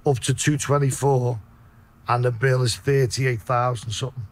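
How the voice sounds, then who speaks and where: A man's voice: medium pitch, little pitch movement, moderate pace. Blunt swearing Liverpool man. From Liverpool, England. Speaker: podcast guest, debt collector. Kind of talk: storytelling on a podcast.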